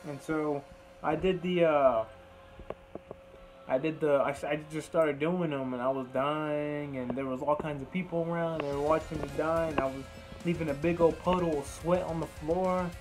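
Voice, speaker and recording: A young man with a slightly high voice tells a meandering personal story in loose, casual talk. He swears often and slips into quoting himself and others. Clear music runs behind him the whole time. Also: steady tone, moderate pace, low-quality recording. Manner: rambling, profane, retells dialogue in quoted bursts. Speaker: vlogger.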